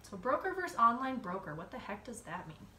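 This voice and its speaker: A chatty woman with a cold co-hosts a podcast, her voice bright and a little forward. She sits back from the mic in an echoey room. Faint noise hums underneath. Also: a little high, sing-song, fairly quick, far from the mic. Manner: chatty, laughs often, with fillers. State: has a cold. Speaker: podcast co-host. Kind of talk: casual podcast chat.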